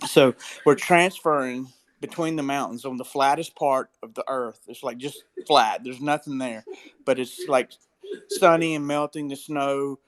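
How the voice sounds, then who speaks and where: A man, telling a story as a father in an easygoing, self-mocking way. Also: medium pitch. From Mississippi, US. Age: 50s. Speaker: father sharing a memory. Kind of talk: casual storytelling.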